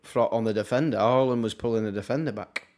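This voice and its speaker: A young Englishman talks through a football match live for his viewers, casual and chatty. He throws in wry asides and quick reactions between passages of play, in an ordinary mid-pitched voice. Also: darkish tone. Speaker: watchalong streamer.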